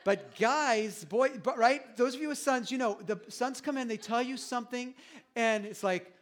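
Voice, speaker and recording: A middle-aged male pastor preaching a sermon in a conversational, animated way, with many restarts. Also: very high-pitched, normal speed.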